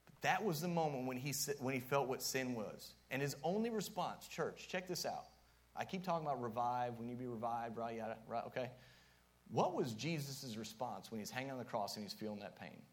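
A man's voice: medium pitch, animated, fairly quick. A man preaching a sermon as youth pastor, casual and joking at times, with strong emphatic rises.

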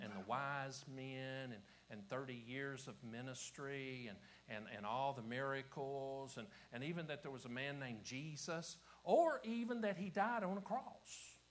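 Appalachian preacher swinging loud to whispers. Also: male voice, mid-range voice, slight background noise, low-quality recording. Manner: swings from shouting to hushed whispers, repeats phrases. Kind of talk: revival sermon. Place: church service before a congregation.

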